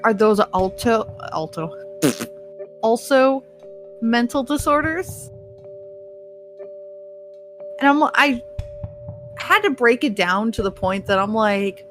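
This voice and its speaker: A woman's voice: fairly high pitch, a bit bright. A woman hosting a solo podcast, ranting bluntly with heavy swearing and laughing at her own points. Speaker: podcast host. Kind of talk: casual solo podcast rant.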